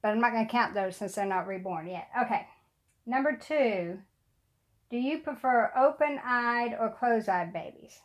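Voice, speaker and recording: A woman's voice: on the high side, expressive, normal speed. A middle-aged woman, slightly short of breath, her voice a touch weak. She chats casually and rambles to the camera at home, with plenty of fillers and small laughs. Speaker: doll collector vlogger. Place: room at home.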